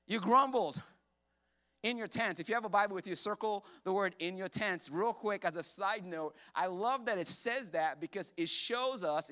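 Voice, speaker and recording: Guy pastor giving a sermon at church, kinda high forceful voice, super animated, jokes around and does little voices. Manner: animated and jokey, acting out voices. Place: church service with congregation.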